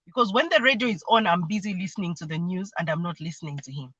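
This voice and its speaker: Woman guest, earnest explainer, bright tone, dry mic. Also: fairly low pitch, fast, breathy edge, no room sound, dull audio. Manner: earnest, explanatory, imitates voices when quoting. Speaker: mentee sharing her experience. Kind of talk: livestream conversation. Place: remote video call.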